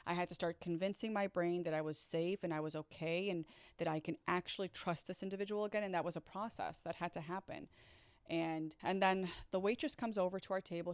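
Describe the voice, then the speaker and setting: A woman with a lowish voice talks straight to the camera in a casual storytime vlog. She is blunt and candid, swears freely and turns to her viewers as she tells her story. The sound is dry and close, with no room echo. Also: fairly even intonation, brisk, a little mellow, clear, resonant tone. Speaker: storyteller recounting a past relationship. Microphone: own microphone.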